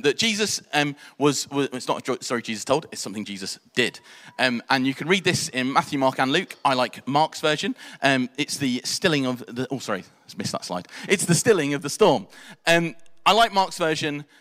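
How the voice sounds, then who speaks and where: A man, preaching a sermon in an animated storytelling way. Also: mid-range voice, fairly quick, long reverb tail. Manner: animated storytelling, acts out quotes in voices.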